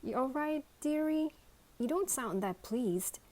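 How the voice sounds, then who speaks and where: A woman voicing a kindly, folksy old male toy sheriff, speaking loud and slow. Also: high voice, lively intonation, voice pushed up.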